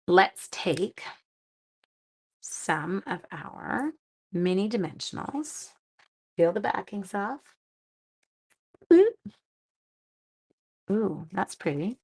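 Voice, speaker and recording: A woman's voice: mid-range voice, very animated, very slow, long pauses, darkish tone, breathy edge. A woman hosting a casual live-stream craft lesson, with an ordinary mid-range voice. She chats freely and pokes fun at herself. She mutters asides to herself between steps. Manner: chatty, self-mocking, talks to herself while working. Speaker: card-making demonstrator; seventh-grade teacher.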